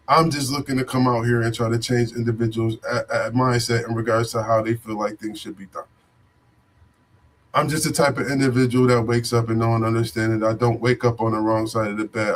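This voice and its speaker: A man's voice: medium pitch, a little hiss or hum. A man in AAVE giving an unscripted motivational talk as a vlogger, preachy and repetitive, with profanity and street slang.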